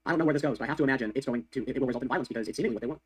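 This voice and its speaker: A man's voice: medium pitch, rapid-fire, breathy edge. A man delivering heated, sarcastic political commentary on the news, repeating his points for emphasis. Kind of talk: fast ranting news commentary.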